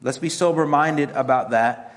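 A middle-aged man preaching a sermon in a noticeably high voice. He talks like a pastor chatting with his congregation, slipping from self-deprecating jokes into earnest exhortation. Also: normal speed. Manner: conversational, self-mocking humor mixed with earnest exhortation. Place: church sanctuary.

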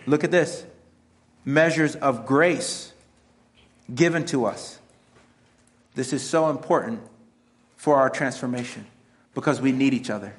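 A middle-aged man preaching a conversational sermon as a pastor, mixing self-mocking humor with earnest exhortation. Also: medium pitch. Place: church sanctuary.

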